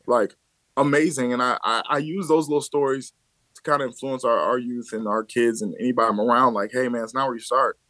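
Animated and quick to laugh, a thirty-something baseball coach from the Chicago area shares casual stories on a podcast, voicing the quoted lines. His mid-range voice moves fairly quickly, and the recording has no echo.

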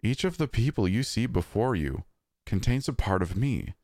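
A man voicing a dead wife who speaks through six strangers at once, calm and unsettling. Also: lowish voice, normal speed, dry recording, clean studio sound, voice pushed up, close to an everyday voice. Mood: calm, insistent. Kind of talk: storytelling narration.

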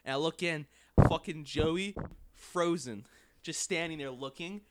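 Young male co-host, slightly high voice, animated anecdote, casual. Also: measured pace, heavy background noise. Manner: animated, laughing, swearing freely. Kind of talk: casual storytelling among friends.

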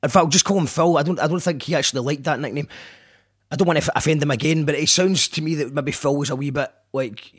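A man's voice: a little high, quick pace, slightly rough. A Scottish man hosting a radio show, rambling, joking and apologizing in a casual monologue. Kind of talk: casual self-deprecating monologue.

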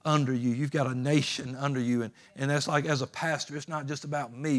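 A man's voice: medium pitch, fairly even intonation, normal speed. A man preaching a sermon as pastor, plainspoken and folksy, raising his voice for emphatic calls to the congregation.

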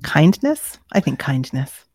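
A woman's voice: sits low, very animated, takes it slowly, warm tone, slightly rough, dry recording. Wry woman co-host, dry sound. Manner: wry, playful banter. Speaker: podcast co-host. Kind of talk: casual podcast chat.

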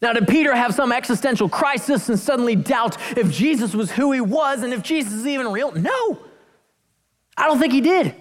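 Woman preacher, lively pitch swings, emphatic sermon delivery with playful asides. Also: big-room sound. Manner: animated, emphatic, jokey asides, slows for key phrases.

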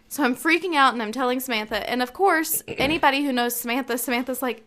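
A woman co-hosting a casual podcast chat, telling a story in an animated, self-mocking way and laughing often. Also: high-pitched, quick pace, few pauses. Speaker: podcast co-host.

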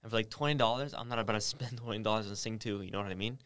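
A young man chatting as a podcast guest, slangy and relaxed, telling stories. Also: on the low side, very fast, clean tone, dry recording. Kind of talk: casual chat.

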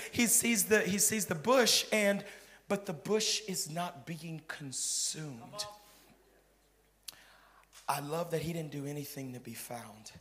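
Dynamic preaching man, shouts to whispers. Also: on the high side. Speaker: pastor. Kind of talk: sermon. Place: church hall with a live audience.

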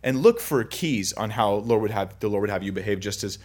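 A man's voice: fairly low pitch, a little fast. A young man giving a casual, chatty Bible teaching, full of anecdotes and self-interruptions. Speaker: preacher.

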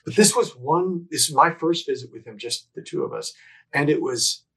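A middle-aged man, a podcast guest, telling a personal story candidly and earnestly, often restarting his sentences and moving between emphatic bursts and hushed phrases. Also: on the high side, animated, moderate pace, breathy edge, rough recording. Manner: reflective, earnest, with frequent restarts and self-corrections.

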